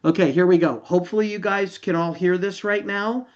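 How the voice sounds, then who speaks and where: A man's voice: sits high, a little fast. Earnest emotional man, muffled call audio. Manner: earnest, emotional, repeats himself for emphasis. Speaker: company founder addressing members. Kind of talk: online company announcement.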